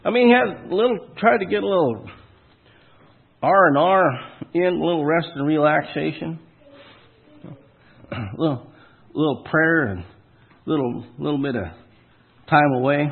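Husky man preaching, tinny sound. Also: on the high side, a little slow, pauses often. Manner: folksy, punchy preaching with rhetorical questions and sudden loud emphasis. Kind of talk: sermon.

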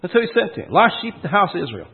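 A man's voice: high-pitched, sing-song, very fast, creaky, husky. A man preaching a sermon in a folksy, punchy way, asking the listeners questions and hitting key words hard. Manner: folksy, punchy preaching with rhetorical questions and sudden loud emphasis. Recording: tinny phone-like sound.

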